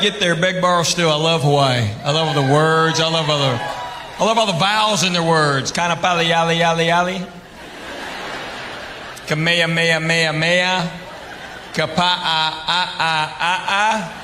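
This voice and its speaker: A man with a Southern US accent doing stand-up comedy, telling stories animatedly, stretching out vowels and acting out characters. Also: high voice. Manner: animated storytelling, drawn-out vowels, acts out characters. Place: live comedy venue with audience. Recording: roomy hall with audience noise. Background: crowd laughter.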